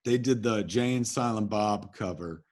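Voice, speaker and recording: A man from New Jersey, a guest in an interview, telling animated anecdotes in casual talk and swearing freely. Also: fairly low pitch, measured pace. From New Jersey, USA. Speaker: interview guest, filmmaker and comics writer.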